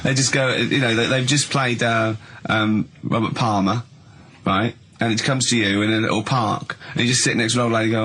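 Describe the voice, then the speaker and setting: A man's voice: mid-range voice, normal speed, bright, forceful tone. A male radio host bantering and teasing his co-hosts in casual chat. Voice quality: husky.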